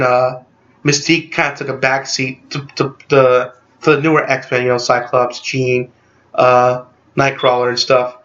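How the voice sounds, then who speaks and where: A man casually recapping a movie in a rambling, excited way, packed with "like" fillers. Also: medium pitch, lo-fi sound. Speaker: movie reviewer.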